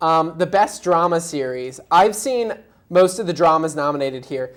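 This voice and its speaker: A young woman with a notably low voice co-hosts a casual entertainment talk show. She chats in a bubbly, gushing way, full of "like" and "just", hopping between enthusiastic opinions. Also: lively intonation, normal speed. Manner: bubbly, gushing, filler-heavy. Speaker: co-host.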